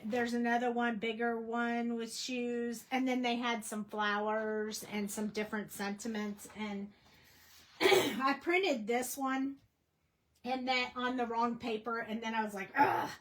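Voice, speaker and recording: Unhurried chatty woman teaching crafts. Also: fairly high pitch, fairly even intonation, poor audio. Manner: chatty and rambling, many fillers. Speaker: craft instructor. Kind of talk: casual livestream coloring tutorial.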